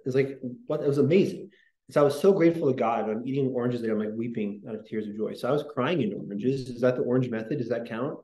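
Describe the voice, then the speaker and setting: A man's voice: mid-range voice, quick pace, mellow, reverberant, low-quality recording. A man hosting a podcast, talking in a casual, rambling way with many fillers and restarts. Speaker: podcast host.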